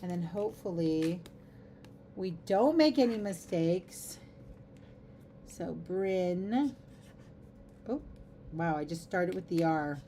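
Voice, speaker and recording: Mellow-voiced woman chatting while crafting. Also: lowish voice, lively intonation, takes it slowly, long pauses, slight background noise. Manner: chatty and giggly, rambling asides. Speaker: livestream craft host. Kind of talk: casual chat while crafting.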